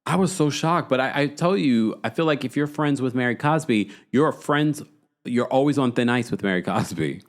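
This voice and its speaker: A man's voice: mid-range voice, moderate pace. A man hosting a podcast, recapping a reality show in casual, gossipy chat and acting out what the cast said. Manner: animated, gossipy, acts out quotes. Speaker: podcast host.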